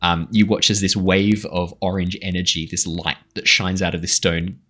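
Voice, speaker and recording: A man's voice: low voice, steady tone, normal speed, bright, forceful tone. A man narrating as game master in a tabletop game, casual, with many fillers and some laughs. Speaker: dungeon master.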